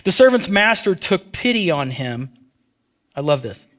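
Animated man preaching a sermon. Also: a little high, a little slow. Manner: animated, drops to a hush on key phrases; conversational, asks the audience questions. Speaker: pastor.

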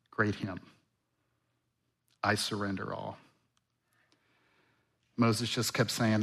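A male pastor delivers a sermon in a bright, energetic voice, pitched in an ordinary middle register. He asks the congregation questions and dramatizes scripture by voicing its characters. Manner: animated, acts out Bible voices, rhetorical questions.

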